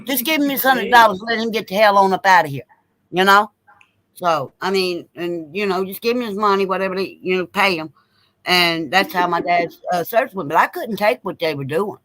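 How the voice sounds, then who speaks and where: A man's voice: sits high, sharp tone, no room sound, poor audio. A man telling a long story in casual chat, blunt and repeating himself as he goes. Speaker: co-host.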